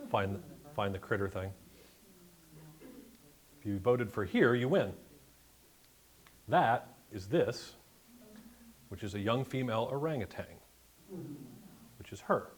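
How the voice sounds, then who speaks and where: A man giving a chatty, joking slide-show talk about a birding trip to a live club audience. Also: fairly low pitch. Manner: jokey, chatty asides. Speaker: guest presenter at a bird club meeting. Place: meeting room with an audience.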